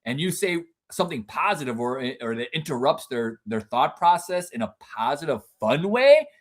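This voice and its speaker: A man who is a guest in a casual podcast interview and speaks in an earnest, reflective way with expressive emphasis. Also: on the high side, normal speed.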